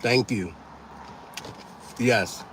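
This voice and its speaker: A livestream host chats easily with viewers in a casual stream, easygoing, thanking them one by one by name while eating. He speaks very slowly in a medium-pitched voice with a fairly bright tone, and there's a little hiss or hum.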